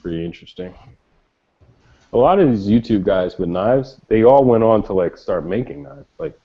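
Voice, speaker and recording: A man's voice: on the low side, animated, normal speed, gravelly. A man co-hosting a casual podcast chat, rambling with enthusiasm and plenty of swearing. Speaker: podcast co-host. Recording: dull lo-fi sound.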